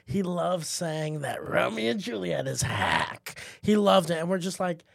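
Animated young man telling a story. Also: a little high, measured pace, gravelly, no room sound, studio quality. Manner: animated storyteller, acts out quotes in shifting voices, swears. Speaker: podcast co-host. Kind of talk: casual storytelling chat.

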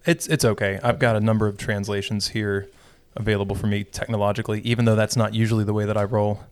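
Low-voiced man leading a casual Bible chat. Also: fast, smooth. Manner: relaxed, dry joking, self-correcting restarts. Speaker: podcast co-host leading a Bible study.

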